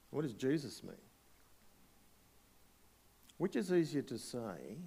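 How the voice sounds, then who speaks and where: A man's voice: medium pitch, mellow. A man preaching a sermon to a congregation, emphatic, asking rhetorical questions and polling the listeners. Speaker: pastor. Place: church hall before a congregation.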